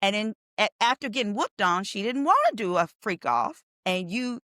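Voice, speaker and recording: A woman attorney, a podcast guest, telling stories in a lively way and acting out the quotes she retells. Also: medium pitch, normal speed, no echo, clean studio sound. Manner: animated storyteller, acts out quotes. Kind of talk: casual podcast interview.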